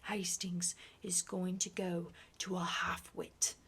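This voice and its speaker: A woman's voice: on the low side, little pitch movement, takes it slowly, gravelly, husky, full character voice. A woman whispering as a raging old duke. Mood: despairing. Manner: blustering, shouting in bursts. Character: stern, furious old duke obsessed with bloodline. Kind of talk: whispered role-play.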